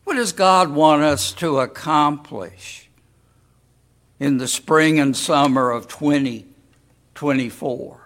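A man preaching a sermon as pastor, deliberate and full of rhetorical questions to the congregation. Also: on the high side, fairly bright tone.

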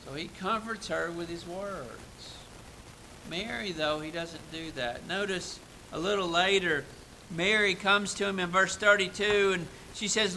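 Bright high-voiced man preaching slowly. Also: a little hiss or hum, low-quality recording. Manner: earnest, rising to emphatic peaks and dropping to soft reflective asides. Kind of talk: sermon.

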